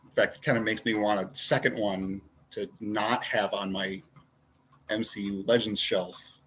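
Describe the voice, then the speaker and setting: A man's voice: lowish voice, fairly even intonation, measured pace, fairly bright tone, a little hiss or hum, poor audio. A man reviewing toy figures in a rambling, casual way, often breaking off to talk to himself as he poses them. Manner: rambling, self-interrupting, talks to himself while posing figures. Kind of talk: casual chat.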